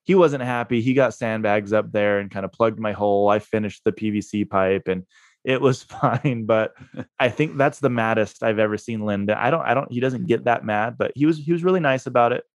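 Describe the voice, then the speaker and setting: Low-voiced laid-back storytelling man. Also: a little fast, no room sound, studio quality. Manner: laid-back, laughs through his own story. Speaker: guest, real estate investor. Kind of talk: casual storytelling interview.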